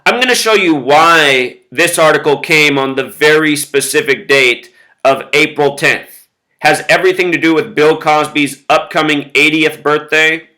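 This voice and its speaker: A man's voice: fairly high pitch, measured pace, pushed and bright, rough recording. A man talking straight to his viewers in a casual monologue, emphatic, with lists of repeated words and frequent "you know". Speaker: video blogger.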